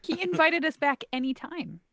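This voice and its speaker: A woman playing in a tabletop game, lively and quick to laugh. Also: high voice, dry recording, studio quality. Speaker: player.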